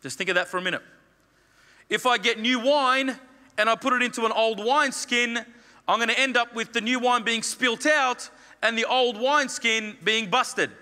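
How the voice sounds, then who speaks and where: Male pastor giving an emphatic sermon in a high voice that echoes through a church hall. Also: normal speed, bright, forceful tone. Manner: emphatic, repeats phrases, acts out quoted lines. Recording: long reverb of a church hall.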